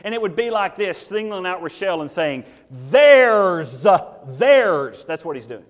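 A pastor preaching to his congregation, moving from folksy anecdotes to emphatic, drawn-out scripture readings. His voice sits a bit high for a man. The sound carries a long reverb from the church hall. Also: animated. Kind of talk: sermon.

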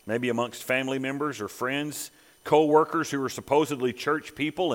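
A man preaching a sermon as pastor, swelling to emphatic peaks and dropping to quiet asides. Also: mid-range voice, big-room sound. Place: church sanctuary.

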